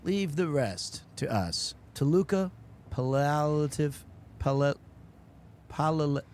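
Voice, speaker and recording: A man's voice: fairly high pitch, sing-song, takes it slowly, darkish tone. A man streaming a game, chatting casually and joking with his viewers, often breaking into laughter. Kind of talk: casual live-stream gameplay commentary. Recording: noticeable background noise.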